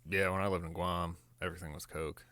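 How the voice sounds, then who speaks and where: Easygoing man, lower voice. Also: flat delivery, fast talker, pushed and bright, no room sound. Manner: laughing, stumbling over words. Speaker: podcast co-host. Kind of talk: casual chat.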